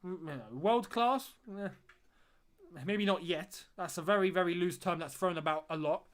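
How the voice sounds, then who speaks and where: A man's voice: sits high, normal speed, a bit bright. A young man hosting a live-stream watchalong, chatting to viewers, reading out their comments and often repeating phrases for emphasis. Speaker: fan channel host.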